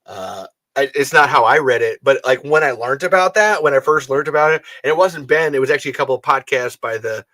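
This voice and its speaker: A man hosting a fan show in casual, rambling chat, excitable and profane. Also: medium pitch, a little fast, hardly any pauses.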